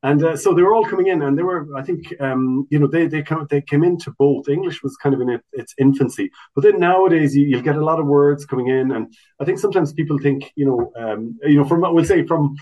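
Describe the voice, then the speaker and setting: A man's voice: a little high, brisk, dull audio. Chatty man explaining with restarts. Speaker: guest, Irish language officer. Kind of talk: casual interview chat.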